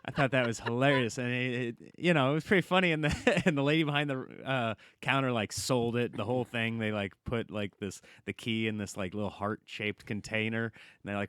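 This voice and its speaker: A man, a comedian guest on a podcast, telling a long story in a lively, casual way and acting out the quotes. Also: mid-range voice, brisk, few pauses, smooth, no echo, clean studio sound. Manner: animated storyteller, acts out quotes, laughs often.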